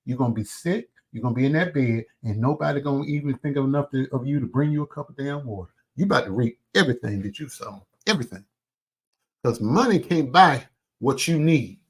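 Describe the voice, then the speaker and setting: Animated man ranting on camera. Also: medium pitch, fairly quick, husky. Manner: animated, profane, mocking imitations. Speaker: commentary show host. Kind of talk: heated commentary rant.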